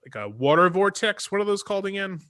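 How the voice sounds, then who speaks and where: Playful male game master, bright voice, laughs easily while narrating. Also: high voice, very animated, fast talker.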